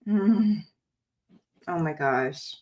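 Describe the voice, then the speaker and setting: A woman hosting a podcast interview with a notably low-pitched voice. She is sympathetic and keeps the talk going with short affirming replies. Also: expressive, very slow, darkish tone. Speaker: podcast host. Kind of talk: interview conversation.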